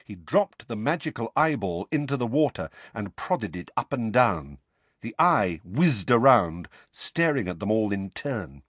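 A man narrating a fantasy novel as an audiobook reader, expressive storytelling. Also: lowish voice, unhurried, slightly rough, no room sound. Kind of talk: scripted narration.

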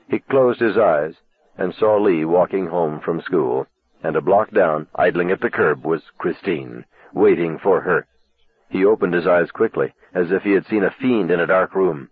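A man's voice: low-pitched, normal speed, breathy edge, no room sound. A man narrating an audiobook expressively. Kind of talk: scripted narration. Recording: tinny, dry lo-fi cassette audiobook.

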